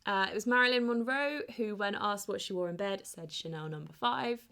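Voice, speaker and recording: A woman's voice: medium pitch, bright, forceful tone. Chatty woman quiz host. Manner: chatty, teasing, quick asides. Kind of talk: casual quiz answer readout.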